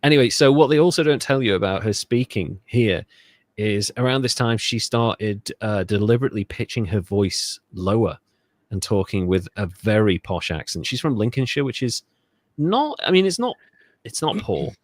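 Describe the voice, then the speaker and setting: A man's voice: lowish voice, normal speed, no echo. A man from Britain co-hosting a history podcast, telling the story in a sardonic, profane, rambling way. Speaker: podcast co-host. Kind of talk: casual podcast chat.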